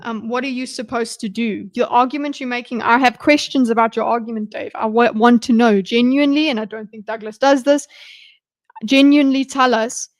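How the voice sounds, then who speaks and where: A woman's voice: a little high, fairly even intonation, brisk. A woman streamer giving casual live commentary on a debate, thinking aloud with frequent restarts.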